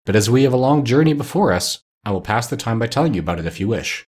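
A man's voice: mid-range voice, lively intonation, fast talker, darkish tone, husky. Man doing a proud winged monkey king. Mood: storytelling. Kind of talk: storybook reading.

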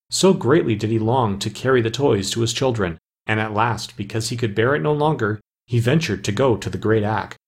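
Husky low-voiced male storyteller. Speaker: audiobook narrator. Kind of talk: scripted storybook narration.

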